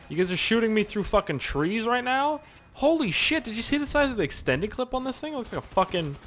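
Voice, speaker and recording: A young man from Canada giving rambling, profane gameplay commentary with sudden excited yelps. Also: medium pitch, a little hiss or hum. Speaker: gaming channel host.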